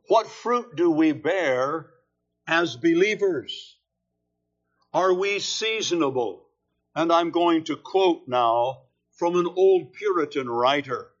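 A man preaching a sermon, slow and deliberate, leaning hard on key words. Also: on the high side, lo-fi sound. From California.

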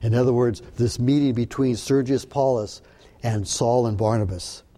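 Mellow-voiced man teaching scripture. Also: mid-range voice, steady tone. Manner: earnest, halting with repeated restarts. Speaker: preacher. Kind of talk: sermon-style Bible teaching.

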